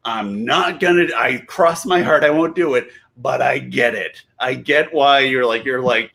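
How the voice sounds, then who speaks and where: A man's voice: medium pitch, measured pace, vocal fry, hardly any pauses, fairly bright tone. A man in his thirties, a comedian guest, telling a story while a bit tipsy, rambling, cutting himself off and laughing mid-sentence.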